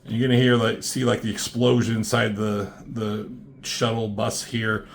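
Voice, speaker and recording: A man's voice: on the low side, flat delivery, normal speed, gravelly, slight background noise. A man giving a casual, rambling comic book review, swearing often and filling gaps with "um" and "like". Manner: rambling, profane, many fillers. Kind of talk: casual commentary.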